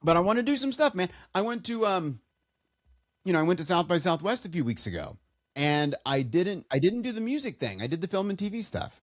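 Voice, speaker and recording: Pitched high and swinging widely, a man's voice carries his rambling, halting stories as a podcast co-host, with many restarts along the way. The studio-quality recording is dry and the conversation is casual.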